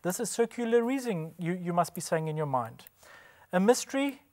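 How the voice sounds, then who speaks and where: A man's voice: high-pitched, animated, a little fast, a little mellow. Emphatic man preaching in rhetorical questions. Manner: emphatic, asks rhetorical questions and answers them. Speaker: Bible presenter. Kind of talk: scripted religious presentation.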